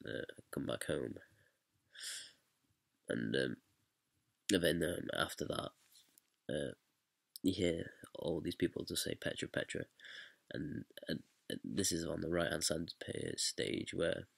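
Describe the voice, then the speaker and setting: Very deep, gravelly, halting man. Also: fairly bright tone, no echo. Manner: rambling and hesitant, heavy with fillers. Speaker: student director. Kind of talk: casual explanation of directing a stage scene.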